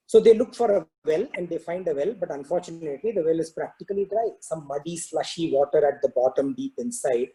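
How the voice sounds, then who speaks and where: A man telling a parable during a spiritual talk, in a relaxed storytelling manner with many "you know" fillers. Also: fairly high pitch, brisk, hardly any pauses, slight background noise, low-quality recording. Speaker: spiritual discourse teacher.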